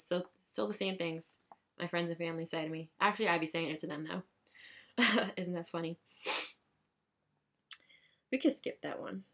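A young woman vlogging in casual chat, profane and chatty, rising into excited high bursts.

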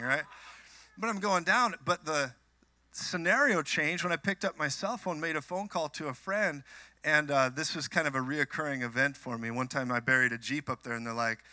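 A man from Minnesota preaching a sermon, telling animated personal stories with joking asides to the congregation. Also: a little high, brisk, dry recording. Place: church.

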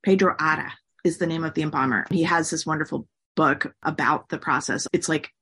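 A woman's voice: low voice, a little fast, fairly bright tone, husky. A woman talking as an interview guest, explaining at length in a chatty way, often saying "like" and acting out quotes. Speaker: guest expert. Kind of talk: conversational interview.

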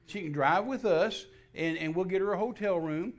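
Speaking in a high-pitched voice at a moderate pace, this older Texan man shares his personal testimony as a guest minister. He's folksy, voices the dialogue with animation, and keeps restarting himself.

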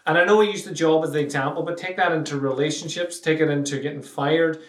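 A blunt man talking on his own podcast, cursing freely and mimicking whiny questions. His voice sits a bit high and sounds a little away from the mic in an echoey room. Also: fairly even intonation, fast, far from the mic. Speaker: podcast host. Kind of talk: solo podcast monologue.

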